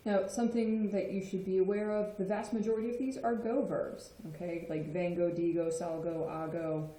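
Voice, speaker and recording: A woman's voice: lowish voice, little pitch movement, normal speed, dark tone. A woman explaining Spanish grammar in a patient lesson, often checking in with "okay?". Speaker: Spanish teacher. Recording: echoey room.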